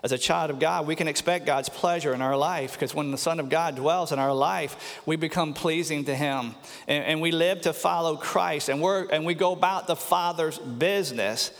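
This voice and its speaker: A man's voice: on the high side, creaky, fairly bright tone. Man preaching in a reverberant church. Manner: earnest preaching, slows for emphasis, repeats words. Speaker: pastor. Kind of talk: sermon. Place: church sanctuary. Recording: long church hall reverb.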